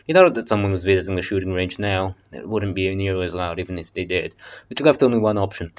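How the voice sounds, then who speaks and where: Low-voiced man reading an audiobook casually. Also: fast talker, dull audio. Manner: swearing, joking asides. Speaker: audiobook reader. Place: basement.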